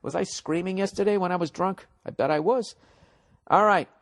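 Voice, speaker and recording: Profane, rambling comedian host. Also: male voice, high voice, moderate pace, fairly bright tone. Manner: profane, sarcastic, reads listener emails aloud. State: voice cracking. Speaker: podcast host.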